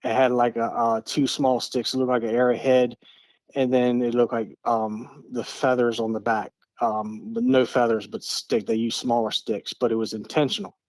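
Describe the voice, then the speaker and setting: A man's voice: medium pitch, level tone, moderate pace, a little mellow, no echo. A middle-aged man from Eastern Maryland, a podcast guest telling a story in an earnest, repetitive way, often restarting his phrases. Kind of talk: casual storytelling.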